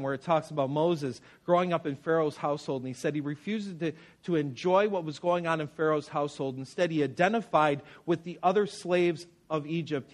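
A man preaching a sermon in an earnest, conversational way, with personal stories. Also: high voice. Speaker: pastor.

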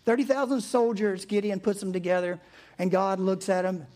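A pastor with a high voice preaches a sermon at normal speed, telling it like a casual story. He animatedly acts out the characters' voices and often chuckles along the way.

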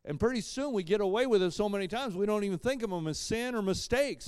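A man preaching a sermon as pastor, emphatic, swinging between loud punches and quiet asides, with dry joking asides. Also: high-pitched, big pitch swings, fast talker, few pauses, clear, resonant tone, no room sound.

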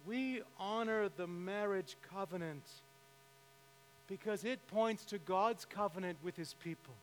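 A man's voice: high-pitched, unhurried. A middle-aged man preaching a sermon as pastor, telling a story with emphatic rises in voice. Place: church sanctuary. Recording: reverberant hall with faint mains hum.

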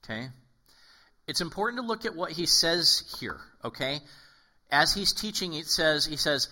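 A man's voice: a little high, moderate pace. A male pastor giving a casual, conversational sermon, acting out quotes and often checking in with "okay?". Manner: animated, acts out quoted voices, frequent "okay?".

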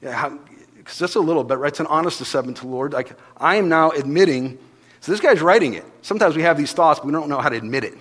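Pastor preaching, kinda high voice, goes from hushed to loud, big echoey church hall. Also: male voice, fast, breathy edge. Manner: animated storytelling, swinging from hushed to loud, acting out voices. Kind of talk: sermon. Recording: long reverb of a large hall.

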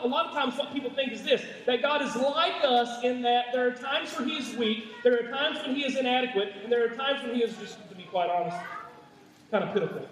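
A pastor with a very high, fairly bright voice preaches to his congregation in a church sanctuary, using emphatic repetition and frequent stammering restarts. The mic is far off in an echoey church hall.

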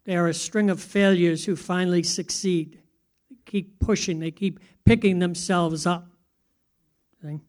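A man's voice: high-pitched, fairly even intonation, measured pace, a little mellow. A man preaching a sermon in a conversational way, often asking his listeners questions. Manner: conversational, asks the audience questions. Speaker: pastor.

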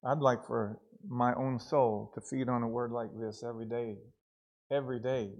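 A man preaching a sermon in church, earnest and repeating words for emphasis, swinging between soft and loud passages. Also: medium pitch, steady tone, normal speed. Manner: earnest, repeats words, rises and falls in loudness.

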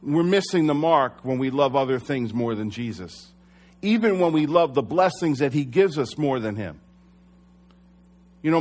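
Earnest, conversational male preacher. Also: medium pitch. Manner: conversational, earnest, with self-corrections. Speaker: pastor. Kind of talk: sermon.

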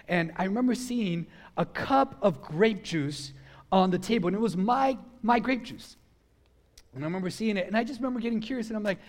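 A middle-aged man preaching a sermon, telling a childhood story in a conversational, animated way and acting out the voices. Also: high voice. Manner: animated, acts out his own and others' voices in the story; conversational, frequent fillers like "you know" and "like". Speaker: pastor.

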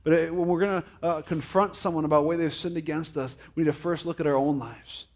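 A man preaching a conversational sermon as a pastor, often repeating and stumbling over words, with jokey, animated asides. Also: fairly high pitch, quick pace. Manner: frequent stammered repetitions.

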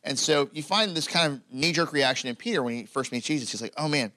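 Bright-toned man preaching a conversational sermon. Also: on the high side, lively intonation, fast talker, no echo. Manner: conversational, filler-heavy, building to emphatic. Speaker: pastor.

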